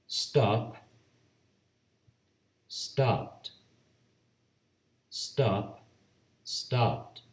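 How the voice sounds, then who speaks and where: A Brazilian man teaching a grammar lesson, with a Brazilian accent, speaking slowly and deliberately, spelling out letters and repeating each rule. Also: on the low side, echoey room, recorded from a distance. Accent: Brazilian Portuguese. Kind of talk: slow bilingual grammar lesson.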